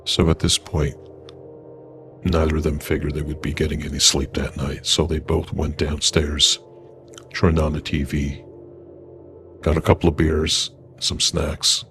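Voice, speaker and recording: A man narrating a paranormal story in a slow, measured way. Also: rumbling low, flat delivery, noisy background.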